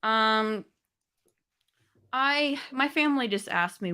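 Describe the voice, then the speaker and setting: A woman's voice: mid-range voice, unhurried, fairly bright tone. A woman co-hosting a podcast livestream, greeting viewers by name and chatting in a loose, scattered way. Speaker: podcast co-host. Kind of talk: casual livestream chat.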